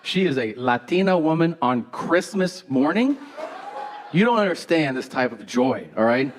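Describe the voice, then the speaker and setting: A man's voice: a little high, sing-song, moderate pace, slight background noise. Sarcastic male stand-up comedian. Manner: sarcastic, profane, conversational. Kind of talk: stand-up storytelling. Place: comedy stage before a live audience.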